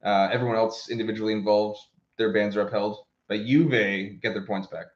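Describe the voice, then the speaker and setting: A man tells a story in a casual podcast chat, stumbling, restarting and swearing as he gets worked up. His voice sits a little low. The sound is roomy and dull, like a lo-fi home recording. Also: steady tone, fairly quick. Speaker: podcast co-host.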